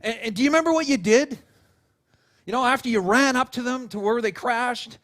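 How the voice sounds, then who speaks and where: A male pastor preaching a sermon with a higher-pitched voice. He tells stories in an animated way and acts out quotes. He speaks casually, with fillers and restarts. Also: fairly quick. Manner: animated storytelling, acting out quotes.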